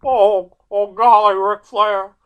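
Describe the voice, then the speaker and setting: A man imitating an older male wrestler who pretends to be humble and frail, in a high, whiny, folksy voice. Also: steady tone, slow, clean tone, highs cut off. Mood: fake humble.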